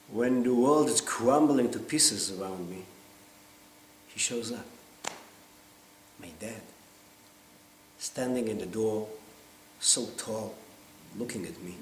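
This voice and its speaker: A man delivers a confessional stage monologue with intensity and halting pauses. His voice sits mid-range. The sound is distant and echoey, with a faint hiss. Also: mid-range voice. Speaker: actor performing a monologue. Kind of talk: theatrical monologue. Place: theater stage.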